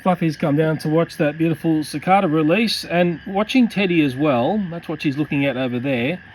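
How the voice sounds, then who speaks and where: A man talks casually in a fond, running commentary, his voice sitting a touch higher than most men's. He is recording with a handheld camera in a backyard at night, and faint frogs and crickets can be heard behind him. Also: moderate pace, a little hiss or hum, poor audio. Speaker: pet owner filming his cats. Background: faint night ambience with frogs and crickets.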